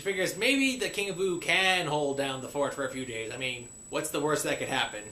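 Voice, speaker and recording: A man recapping a cartoon episode in a playful pirate persona, saying "be" for "is" and slipping into quick voices for the characters. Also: a little high, pushed and bright. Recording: echoey room with faint hiss.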